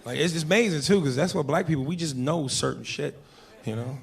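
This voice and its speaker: A man's voice: fairly high pitch, a little fast, creaky. A man doing a brash, profane stand-up set on a comedy stage before a live audience. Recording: live club mic, crowd laughter.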